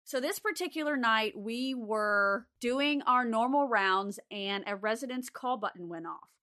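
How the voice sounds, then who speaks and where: Slow, bright-voiced young woman. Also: on the high side. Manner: unhurried, frequent "like" fillers. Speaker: former care aide. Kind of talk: casual spoken ghost story.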